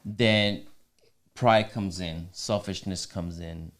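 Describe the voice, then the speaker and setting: A man's voice: low-pitched, steady tone, slow pace. A man co-hosting a faith-based marriage podcast, talking earnestly in a casual way with frequent restarts. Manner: earnest, many restarts, teasing asides. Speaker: podcast co-host.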